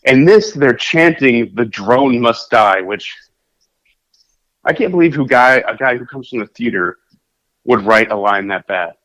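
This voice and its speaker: A man co-hosting a podcast in casual chat, rambling and animated, with many fillers and restarts. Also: mid-range voice, a little slow. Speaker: podcast co-host. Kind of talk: casual chat about films. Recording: dull lo-fi podcast audio.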